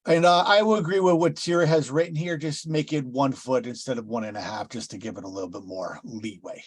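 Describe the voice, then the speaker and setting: A man's voice: mid-range voice, slightly rough. A man on a town zoning committee who talks agreeably and weighs whether to make a rule. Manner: agreeable, quick. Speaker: committee member. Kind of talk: municipal committee meeting discussion.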